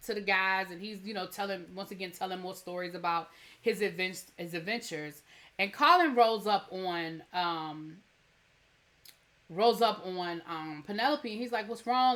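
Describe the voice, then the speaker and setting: A woman's voice: medium pitch, moderate pace, a bit bright. A woman hosting a TV review channel, recapping an episode in a chatty, rambling way with many fillers and restarts.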